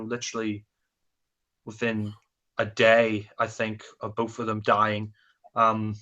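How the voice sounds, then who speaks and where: A man talks through a film in a loose, rambling way, full of ums and restarts. His voice sits fairly low but has a bright, forward edge. It sounds like easygoing chat between friends. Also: muffled recording. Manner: rambling, many fillers and restarts. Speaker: film review co-host. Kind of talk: casual chat.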